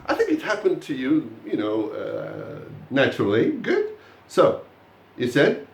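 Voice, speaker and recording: A man teaching a live pronunciation lesson to a class, praising students warmly as they answer. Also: mid-range voice, unhurried, gravelly, reverberant. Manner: encouraging, lively praise of students. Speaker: English teacher.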